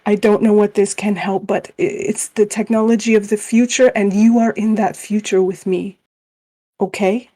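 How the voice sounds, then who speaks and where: A woman's voice: medium pitch, steady tone, moderate pace, warm tone, close to an everyday voice. A woman voicing an earnest, determined explorer.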